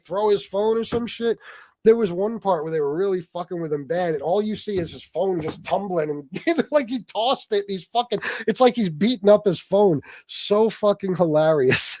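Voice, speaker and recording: A man hosting a loose, casual livestream, swearing freely and laughing through his own stories as he answers his chat. His voice sits a little high for a man and keeps lifting with amusement. The sound is dry and close, with no room around it. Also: darkish tone, no room sound. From Sicilian heritage. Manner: profane, laughing storyteller, reads chat aloud. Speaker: livestream host.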